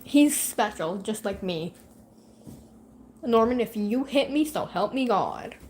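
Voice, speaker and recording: A woman's voice: medium pitch, lively intonation, slow pace, darkish tone, a little hiss or hum. A woman vlogging at home in casual chat to camera, swearing and teasing her cat.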